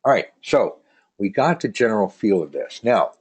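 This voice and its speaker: A man's voice: on the low side, sing-song, moderate pace, darkish tone, breathy edge. A man teaching tarot in a casual live online lesson, chatty and joking, reading out viewer comments as he rambles along.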